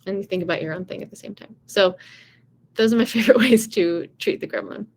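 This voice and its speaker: A woman's voice: mid-range voice, fast talker, breathy edge. A woman vocal coach giving casual, encouraging advice in a chatty way, often saying "you know" and "right".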